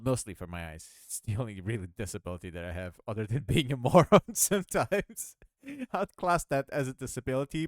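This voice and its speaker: Working on his game, a medium-pitched man offers rambling, casual devlog commentary, often laughing and poking fun at himself. He's a game developer, recorded in studio quality without echo.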